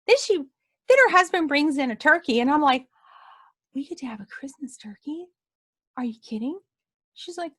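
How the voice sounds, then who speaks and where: A woman's voice: high voice, moderate pace, pauses often. A woman telling a heartfelt personal testimony in a casual way, acting out what people said. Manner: animated, acts out quoted voices, emotional retelling. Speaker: storyteller sharing a personal testimony.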